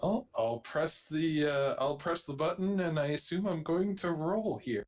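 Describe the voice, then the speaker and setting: A man's voice: fairly high pitch, lively intonation, a little slow. Easygoing man playing a tabletop game. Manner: thoughtful and easygoing. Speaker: player.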